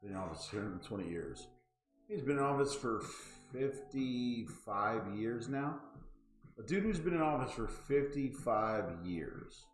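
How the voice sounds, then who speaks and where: A man's voice: mid-range voice, animated, a little slow, roomy sound, soft background music, poor audio. A man in his thirties hosting a casual chat show, ranting with lots of swearing and exasperation. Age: 30s. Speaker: podcast host.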